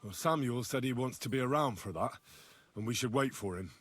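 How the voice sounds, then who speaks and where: An earnest young squire, delivering his lines plainly and with sincerity. His voice is husky, at a middle pitch for a man. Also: animated, brisk, no echo. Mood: solemn. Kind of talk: video game voice acting.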